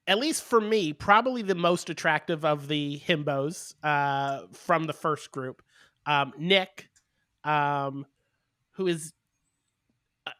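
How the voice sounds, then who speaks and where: A man's voice: on the high side, pushed and bright, smooth, dry recording, studio quality. A man co-hosting a podcast in casual chat, recapping with lots of ums and uhs. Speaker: podcast co-host.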